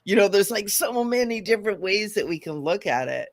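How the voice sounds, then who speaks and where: A woman with a strongly gravelly, creaky voice co-hosts a casual spiritual talk show as a mystic. She sounds enthusiastic and affirming and keeps checking that her partner agrees. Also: medium pitch, animated, brisk. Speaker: mystic co-host.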